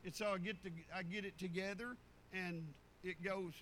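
Folksy older preacher. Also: male voice, high-pitched, fairly even intonation, moderate pace, a bit bright, a little hiss or hum, poor audio. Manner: rambling, down-home storyteller with many restarts. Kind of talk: folksy sermon storytelling.

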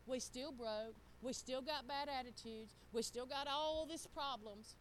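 A woman's voice: sits high, measured pace, slight background noise, low-quality recording. Folksy woman preaching. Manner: folksy, talks straight to the congregation. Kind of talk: sermon.

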